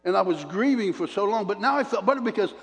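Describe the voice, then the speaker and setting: An older man preaching a sermon, telling stories in an animated way that swings between loud bursts and hushed asides. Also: sits high, fast, long reverb tail.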